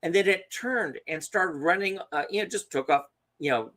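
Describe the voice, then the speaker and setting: A man co-hosting a podcast, telling a story in a casual, animated way and acting out the quotes. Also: sits high, moderate pace. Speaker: podcast co-host.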